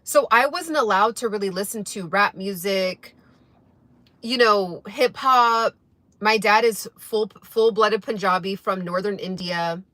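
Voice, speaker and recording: An unhurried young vlogger with a mid-range, slightly bright voice talks to her viewers while having breakfast. There's no room sound, and she rambles and chats between mouthfuls.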